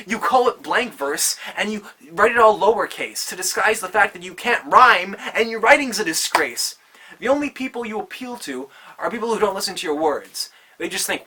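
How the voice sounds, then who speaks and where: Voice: mid-range voice, animated, moderate pace, bright, forceful tone, slightly rough. A rapper giving a comedic diss performance with a mocking, rhythmic rhyming delivery.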